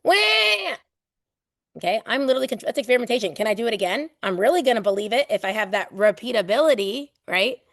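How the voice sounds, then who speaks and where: A woman's voice: medium pitch, racing, hardly any pauses, no echo, clean studio sound. A woman running a live online exam prep class in a loose, playful way. She acts out everyday examples and swears casually.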